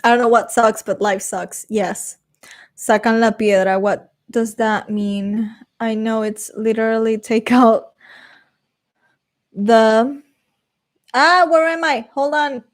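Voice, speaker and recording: With a fairly high voice, a young woman streams and talks casually with her viewers' chat, reading out comments, rambling, occasionally swearing and drifting into Spanish. Her tone is steady, her pace slow, and she pauses often.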